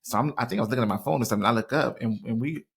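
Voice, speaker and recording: A young adult man co-hosting a casual chat, defending his side quickly with restarts. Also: mid-range voice, gravelly, husky. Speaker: podcast co-host.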